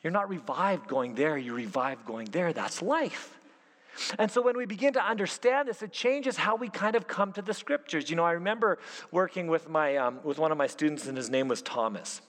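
A man preaching as a youth pastor, animated and full of rhetorical questions. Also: high-pitched, brisk. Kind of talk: sermon. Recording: long hall reverb.

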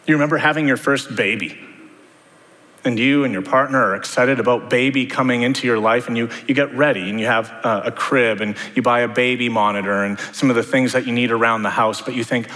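A man's voice: medium pitch, steady tone, quick pace, bright, forceful tone. A man preaching a sermon, talking to the congregation in a conversational way with many rhetorical questions. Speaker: pastor. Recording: long hall reverb.

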